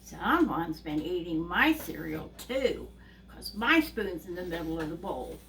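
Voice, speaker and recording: A woman voicing a fussy mother bear in a children's storybook reading, slow and particular. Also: lowish voice, sing-song, fairly bright tone, slight background noise, voice pushed down, exaggerated voice. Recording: distant mic with faint ambience.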